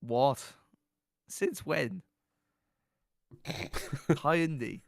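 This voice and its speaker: A man's voice: on the high side, very slow, vocal fry, dry recording, studio quality. A man co-hosting a live stream in casual chat, easygoing, wry and giggly. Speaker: stream co-host.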